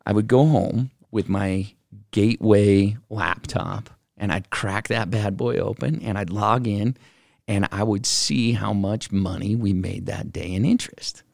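Middle-aged man, low and gravelly, casual animated storyteller who acts out the dialogue. Dry sound. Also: a little slow, no room sound. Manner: animated, acts out quoted voices, many fillers. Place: office.

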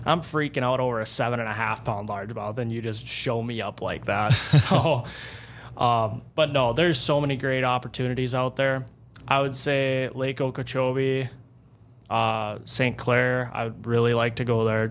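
A man tells fishing tales with restless excitement in a casual interview. His voice sits at an everyday middle pitch, and a faint hiss runs underneath. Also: normal speed. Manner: excitable, animated fishing storyteller. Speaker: guest angler.

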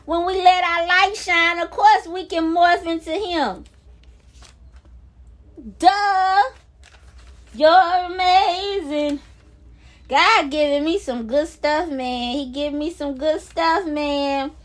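High-pitched, gushing woman on a phone. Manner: effusive, drawn-out exclamations, half-sung praise. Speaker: vlogger. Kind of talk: excited casual vlog talk about faith.

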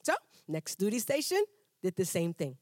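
A woman's voice: medium pitch, normal speed, no echo, clean studio sound. A woman giving a personal testimony to a church congregation, storytelling with humor and acting out her conversations. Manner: animated storyteller, acts out dialogues with humor; conversational with frequent restarts. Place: church hall before a congregation.

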